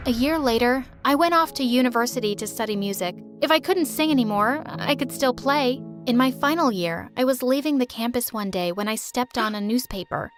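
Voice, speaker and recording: High-voiced woman narrating a story. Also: a little fast, hardly any pauses, soft background music. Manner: chatty, conversational storytelling. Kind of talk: first-person scripted story narration.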